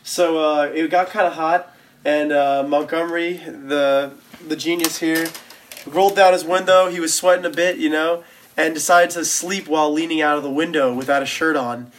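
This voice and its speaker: A man's voice: on the high side, fairly even intonation, moderate pace, slight background noise. A man in his twenties, a band member, telling tour stories in a rambling, casual way, full of slang and restarts. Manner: rambling, lots of fillers and restarts, loose slang. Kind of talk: casual storytelling chat.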